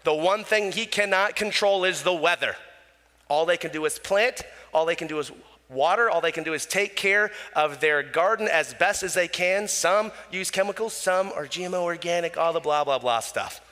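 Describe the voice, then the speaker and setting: Pastor, male, bright slightly high voice, chatty sermon delivery, long room reverb. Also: moderate pace. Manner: conversational preaching with asides and chuckles.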